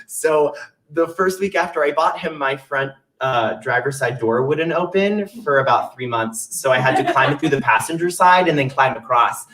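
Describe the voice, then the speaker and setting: A man's voice: on the high side, normal speed, a bit bright, far from the mic. A young man telling a funny personal story on stage in a chatty, self-mocking way. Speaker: solo stage performer. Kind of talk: storytelling monologue with songs.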